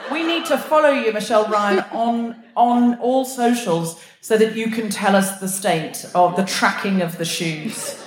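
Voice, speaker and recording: A woman's voice: medium pitch, measured pace, hardly any pauses. A woman raised in Australia hosting a live comedy podcast on a theatre stage, teasing and chatting with the crowd. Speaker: host. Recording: noisy live theatre recording.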